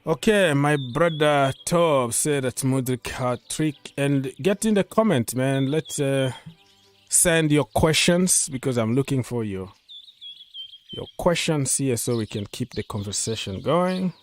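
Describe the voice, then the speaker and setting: A man's voice: mid-range voice, expressive, measured pace, faint music behind. Chatty man hosting a football live stream. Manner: chatty, loose, repeats himself and reads out viewer comments. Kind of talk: casual live-stream chat.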